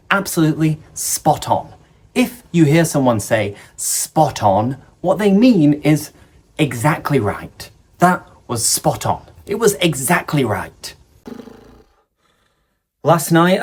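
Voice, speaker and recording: An English-accented man teaching vocabulary at an unhurried, careful pace. His voice is a little husky, and his pitch swings widely as he acts out each example with feeling. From England. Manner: expressive, acting out example sentences. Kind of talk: language lesson with acted examples. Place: at home.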